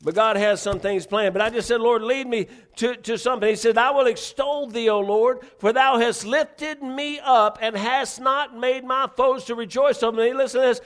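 Fervent high-voiced preacher man. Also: moderate pace, hardly any pauses, a bit bright. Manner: fervent, repetitive, conversational preaching with restarts. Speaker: pastor. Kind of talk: sermon.

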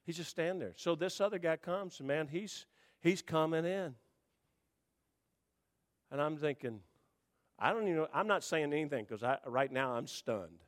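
A man preaching to a congregation, telling a rambling, animated story with restarts. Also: fairly high pitch, moderate pace, long pauses. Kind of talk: storytelling sermon.

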